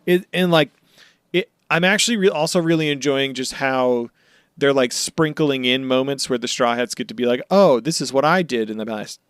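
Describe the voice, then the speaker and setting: A man's voice: mid-range voice, normal speed, fairly bright tone, clear, resonant tone, no echo, studio quality. A man co-hosting a podcast in casual chat, rambling and enthusiastic, swearing now and then. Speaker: podcast co-host.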